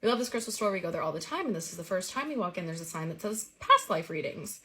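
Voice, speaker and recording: A woman's voice: lowish voice, quick pace, slight background noise. A woman earnestly recounting a vivid personal dream story in a casual way. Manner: earnest, vivid retelling with lively quoted dialogue.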